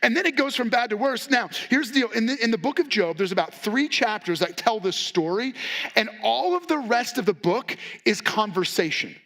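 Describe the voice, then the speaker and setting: A male pastor preaching a sermon with a notably high-pitched voice. He talks in a casual, candid, conversational way, stepping into quoted lines as he goes. The delivery stays relaxed and direct with his listeners. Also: moderate pace. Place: church.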